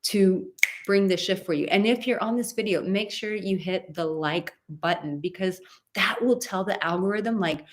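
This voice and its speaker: A woman's voice: medium pitch, normal speed, slight background noise. A woman dating coach giving emphatic, rambling advice in a live stream, often going off on tangents.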